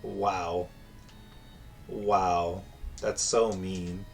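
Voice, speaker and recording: A man's voice: low voice, level tone, drawn-out words, soft background music. A man streaming a video game live, commenting in a wry, sarcastic way.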